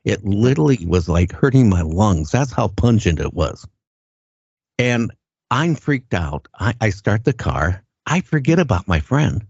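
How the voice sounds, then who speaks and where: An older man with a very low voice tells his story in a plain, earnest way. He stops and restarts, often repeating words as he goes. The sound is dull and lo-fi and very dry, with no room around it. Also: big pitch swings, measured pace, darkish tone, husky, dry recording. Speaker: guest recounting an encounter. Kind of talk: casual first-person storytelling.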